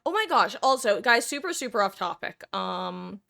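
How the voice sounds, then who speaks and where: A woman's voice: medium pitch, sing-song, moderate pace, gravelly, bright, forceful tone. A woman streamer chatting casually with her viewers, rambling and correcting herself as she goes.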